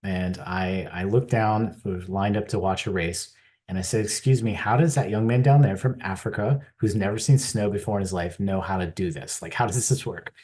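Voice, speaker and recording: Middle-aged american guy, low voice, earnest keynote storytelling on a conference stage. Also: normal speed, darkish tone. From United States. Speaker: keynote speaker.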